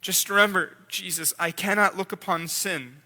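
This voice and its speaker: God the Father speaks urgently and tenderly to his son, voiced by a man in a sermon, repeating his words as he presses on. The voice sits high and very bright. A long hall reverb trails every phrase. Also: fairly even intonation, normal speed. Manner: intense, pleading, repeats words. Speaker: pastor. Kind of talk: dramatic sermon role-play. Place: church sanctuary.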